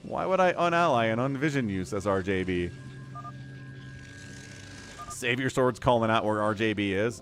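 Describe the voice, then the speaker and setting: A man's voice: mid-range voice, very animated, normal speed, pauses often, a bit bright, soft background music. A man casting a strategy game on a live stream, chatty, laughing often and greeting viewers. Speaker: game caster.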